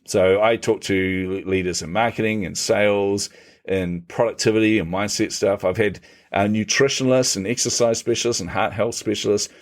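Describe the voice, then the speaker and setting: A middle-aged man, a podcast guest, telling stories conversationally, laughing often and acting out what others said. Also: on the low side. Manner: animated, laughs often, acts out quotes. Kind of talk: conversational storytelling.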